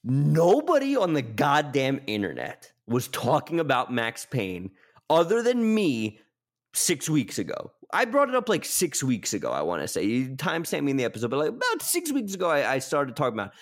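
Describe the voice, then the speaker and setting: A man co-hosting a gaming podcast in casual chat, excitable and quick to act out little scenes. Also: a little high.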